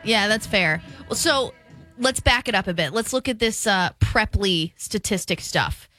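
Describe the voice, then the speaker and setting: Speaking a little slowly at a medium pitch, a young woman chats casually on her studio radio show while faint music plays behind her. She's an animated storyteller who performs the quotes as she goes.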